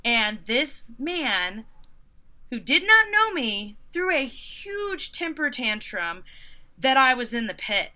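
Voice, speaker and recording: A woman in her thirties, a concert photographer and interview guest, telling stories in a casual, animated and sarcastic way, acting out other people's lines and using "like" a lot. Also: sits high, slow. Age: 30s. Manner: frequent "like" fillers.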